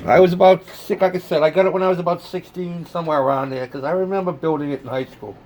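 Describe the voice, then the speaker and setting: A man's voice: on the high side, steady tone, fast, darkish tone, a little hiss or hum. An older man telling a casual, rambling story about building model ships, with plenty of fillers. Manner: rambling, conversational, with many fillers.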